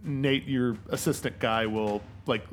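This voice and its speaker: A man's voice: medium pitch, steady tone, a little slow, faint music behind. A man running a tabletop role-playing game, describing scenes with many fillers and restarts. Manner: rambling, filler-heavy narration. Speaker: game master.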